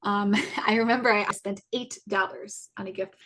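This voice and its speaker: A woman's voice: mid-range voice, steady tone, normal speed, background noise. A woman in her twenties, a podcast co-host, candidly recounting a personal story in a conversational way with filler words and nervous laughs. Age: 20s.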